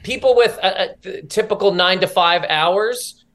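A man's voice: high-pitched, normal speed, fairly bright tone. A man guesting on a comedy podcast, riffing bluntly and emphatically with swearing. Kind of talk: casual comedy podcast chat.

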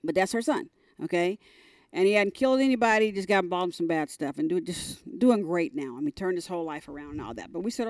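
A middle-aged woman speaks as a podcast guest, candid and emphatic, her voice surging upward when she relives a story. Her voice sits low for a woman. The sound is dry and close. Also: fast, no echo. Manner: emphatic, animated, voice climbs high when retelling. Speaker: sports team executive, podcast guest.

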